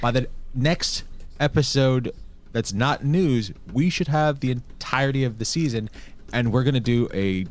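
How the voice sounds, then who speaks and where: A man's voice: mid-range voice, measured pace, a little mellow. A man co-hosting a podcast, chatting casually, joking and sometimes trailing off into mumbles. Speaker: podcast co-host. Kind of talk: casual chat.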